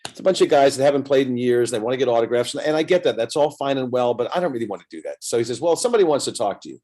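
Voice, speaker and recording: Animated man telling a story. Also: medium pitch, very fast. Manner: animated storyteller acting out both sides of conversations. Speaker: guest entertainer. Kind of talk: casual anecdote telling.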